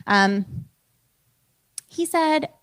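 A woman's voice: high voice, expressive, drawn-out words. A woman in her thirties, a preacher and teacher, giving a casual, conversational talk with a self-deprecating manner.

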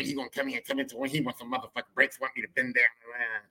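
A man telling a comic story on his podcast, animated and profane, repeating lines for emphasis. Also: medium pitch, fast, gravelly, few pauses, husky. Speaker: podcast host.

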